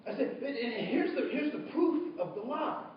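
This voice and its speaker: Animated guy telling a story to a crowd, far from the mic, super echoey hall, kinda dull sound. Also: extremely high pitch, moderate pace, a little hiss or hum. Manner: animated, asks the audience questions, acts out dialogue. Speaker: diversity trainer. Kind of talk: storytelling talk to a live audience.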